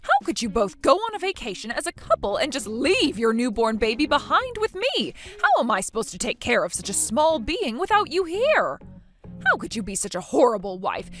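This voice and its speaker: An indignant mother-in-law , as a woman reads her part scolds with accusing, rising outbursts. Her fairly high voice swings widely in pitch. Faint music sits behind the text message story. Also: very animated, normal speed, fairly bright tone. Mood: scolding.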